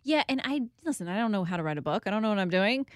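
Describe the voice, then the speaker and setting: A woman's voice: medium pitch, very animated, racing, dry recording. A woman talks openly and earnestly as an interview guest, her voice sitting in a middle register. The sound is dry and close, with no room around it. Now and then she laughs through the telling. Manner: earnest, candid storytelling with laughs. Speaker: guest, author and TV host.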